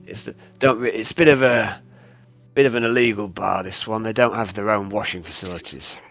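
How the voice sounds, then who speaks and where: A man voicing a shady, friendly male recruiter in a mock rough accent. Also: lowish voice, a little fast, fairly bright tone, soft background music.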